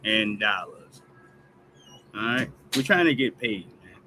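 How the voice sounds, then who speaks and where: A man's voice: on the low side, animated, slow, music in the background, rough recording. A man hosting a news commentary stream, ranting emphatically and tagging lines with "all right?". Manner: emphatic, repetitive "all right?" tags, heated and profane. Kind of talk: casual commentary rant.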